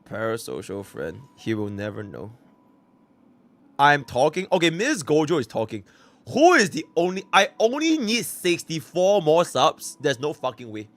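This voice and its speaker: A young man from Singapore streaming live, chatting casually with his viewers and swinging between low mumbles and excited shouts. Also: normal speed. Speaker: livestreamer.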